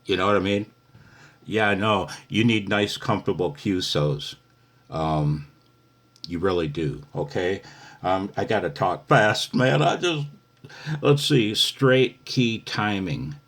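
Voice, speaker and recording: A man's voice: deep voice, slow, a bit bright. An older man giving a casual, chatty radio lesson, often calling the listener "man". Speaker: ham radio instructor.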